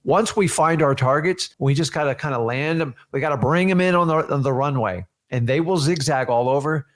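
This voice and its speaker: A man's voice: fairly high pitch, fairly quick. A man hosting a motivational coaching talk on real estate, earnest and speaking straight to listeners. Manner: earnest, preachy, addresses listeners directly. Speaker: host teaching real estate wholesaling.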